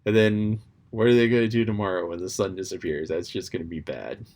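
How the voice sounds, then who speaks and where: This man talks casually about a book chapter he's read aloud, speaking a little fast in a deep, darkish voice. His musing rambles along with frequent ums and false starts, occasionally dipping into playful character voices.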